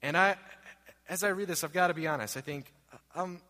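A man's voice: a little high, fairly quick, bright, forceful tone. A man in his thirties preaching a sermon as pastor, earnest and repetitive, asking rhetorical questions. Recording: long hall reverb.

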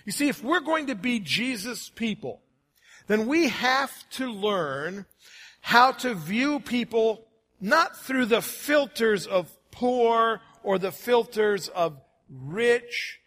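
Bright-voiced preacher man. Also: very high-pitched, animated, slow pace. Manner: friendly, joking, varies pace for emphasis. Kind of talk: sermon. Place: church.

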